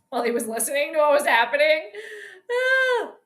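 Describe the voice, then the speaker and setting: Bright, chatty woman streaming live commentary. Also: sits high, fast talker, reverberant. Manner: chatty, joking asides to a co-viewer. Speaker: host of a sports live stream. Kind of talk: casual live watch-along commentary.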